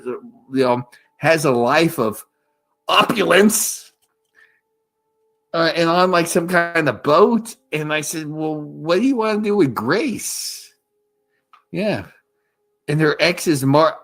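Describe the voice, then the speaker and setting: A man's voice: fairly high pitch, fairly bright tone. A man hosting a live stream in casual chat, rambling crudely and repeating himself.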